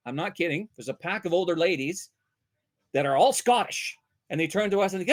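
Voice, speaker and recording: Animated storytelling voice actor man. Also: high-pitched, brisk. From Vancouver, Canada. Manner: animated storyteller, bursts into loud character voices. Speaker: voice actor guest. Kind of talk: casual anecdotes.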